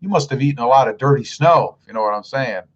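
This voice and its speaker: A man's voice: medium pitch, lively intonation, quick pace, muffled recording. Friendly upbeat man reading chat. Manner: upbeat, friendly, calls viewers buddy and man. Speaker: live stream host. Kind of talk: casual live stream chat, reading comments aloud.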